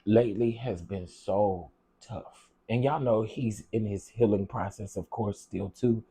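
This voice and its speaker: Dark husky male livestreamer, chatty. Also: on the low side, measured pace. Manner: chatty, greets viewers by name, repeats himself; heartfelt, on the edge of tears at times. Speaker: livestream host reading viewer comments. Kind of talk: casual livestream chat.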